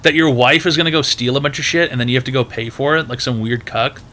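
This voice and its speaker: Bright-voiced man telling a rambling story. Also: medium pitch, steady tone, fast, slight background noise. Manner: rambling, profane, heavy filler words. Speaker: advice stream host. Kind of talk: casual storytelling.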